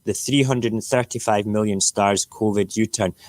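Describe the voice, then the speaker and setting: A middle-aged Scottish man with an Edinburgh accent hosts a relaxed live stream, leafing through the morning papers. His voice sits fairly low, and he rants and jokes with his viewers in a loose, chatty way. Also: normal speed, dry recording. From Scotland. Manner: ranting, jokey, talks back to chat viewers. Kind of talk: casual morning chat reading newspapers.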